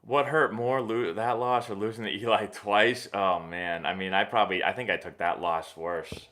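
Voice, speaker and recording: A young man hosting a casual live stream, answering viewer questions in a rambling, animated sports-fan way. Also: on the low side, normal speed. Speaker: host of a live baseball Q&A stream.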